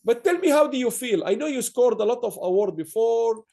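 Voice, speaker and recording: A man hosting an online awards ceremony. His voice sits high and is gravelly, with a dark, mellow tone. He rambles warmly through praise and stops to restart his sentences. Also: expressive, a little fast. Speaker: awards host.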